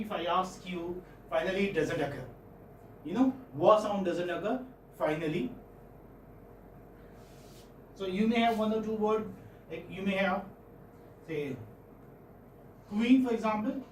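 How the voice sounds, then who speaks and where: Indian English professor lecturing in an echoey room. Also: male voice, high-pitched, unhurried, long pauses, distant mic, a little hiss or hum. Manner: explanatory, checks in with students often. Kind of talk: classroom phonetics lecture.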